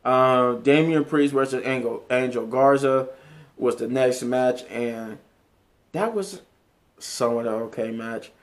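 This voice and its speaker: A man's voice: medium pitch, unhurried. A man casually recapping a wrestling show, rambling with frequent restarts, self-corrections and chuckles. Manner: chuckles often while recounting. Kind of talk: casual solo review recap.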